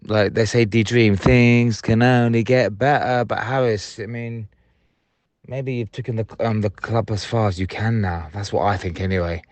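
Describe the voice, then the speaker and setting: A man's voice: lowish voice, steady tone, moderate pace, darkish tone, no echo. A man leaving angry, sweary voicemails about a football match, recorded on a phone from a stadium seat and from his car. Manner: angry, sweary, blunt rant.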